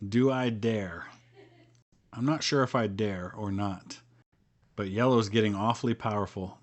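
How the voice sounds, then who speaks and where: A man's voice: on the low side, a little slow. A middle-aged man from Ohio with a Midwestern American accent, chatting casually on a game live stream, rambling with ums and restarts. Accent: General American Midwestern. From Northeast Ohio, US. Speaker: streamer playing a strategy board game with viewers.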